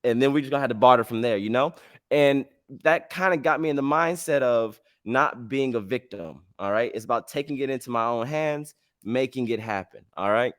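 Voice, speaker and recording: A man's voice: mid-range voice, a little fast, dry recording, clean studio sound. A man hosting a podcast, telling a travel story in casual slang and acting out the dialogue. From United States. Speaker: podcast host.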